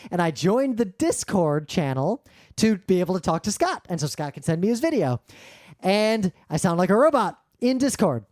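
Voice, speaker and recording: A man's voice: sits high, big pitch swings, moderate pace, darkish tone, no room sound. A man co-hosting a casual tech podcast from his home studio, explaining audio problems bluntly and swearing now and then. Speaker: podcast co-host. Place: home studio, remote recording session. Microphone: professional studio microphone.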